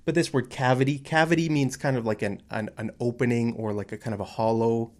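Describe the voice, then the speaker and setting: A man's voice: medium pitch, fairly quick. Chatty North American man teaching English. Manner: chatty, excitable, explains with many fillers and restarts. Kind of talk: casual online lesson. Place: at home.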